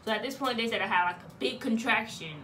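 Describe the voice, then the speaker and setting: A woman's voice: fairly high pitch, fast, far from the mic, background noise. A young woman, telling a story casually as a vlogger and acting out the voices of the people in it. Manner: animated, acts out voices of relatives and nurses.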